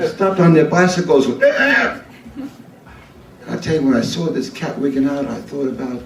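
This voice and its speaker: A man's voice: fairly high pitch, expressive, moderate pace, gravelly. A man in his seventies doing a profane, rambling comic monologue on a live club stage, full of restarts. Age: 70s. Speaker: performance artist. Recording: roomy live club sound, distant mic.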